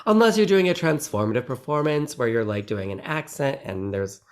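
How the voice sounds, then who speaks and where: A man chatting as an interview guest, his voice bouncing widely up and down in pitch. He rambles, restarts his sentences and breaks into laughs, and his pitch sits in the ordinary middle range. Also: animated, normal speed. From United States. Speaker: actor guest. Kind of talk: casual interview chat.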